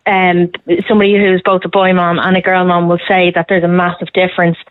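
A woman's voice: lowish voice, flat delivery, a little fast, no room sound. Chatty woman on a phone line. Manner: chatty, emphatic, laughs readily. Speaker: caller, podcast host. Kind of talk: casual radio phone-in chat.

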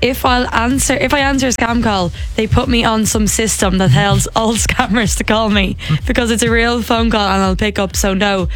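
A woman's voice: a little high, fairly even intonation, moderate pace, few pauses. Female radio co-host, casual chat, candid sheepish tone, faint music under.

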